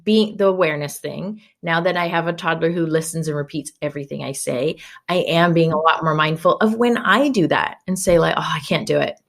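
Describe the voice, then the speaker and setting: A woman's voice: low voice, brisk, vocal fry, hardly any pauses. A woman in her thirties, a podcast guest talking candidly in a chatty way, often laughing. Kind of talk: casual podcast conversation.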